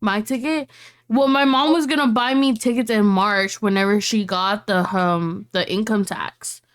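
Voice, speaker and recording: A young woman co-hosting a podcast, telling stories in an animated, gossipy way with plenty of swearing. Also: medium pitch, moderate pace, clear, resonant tone. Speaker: podcast co-host. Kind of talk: casual chat.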